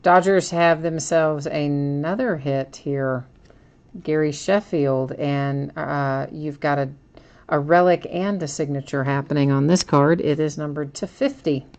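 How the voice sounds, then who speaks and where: A woman's voice: low voice, a little slow, darkish tone. A woman hosting a live card break, chatting casually as she opens packs and reads out each card.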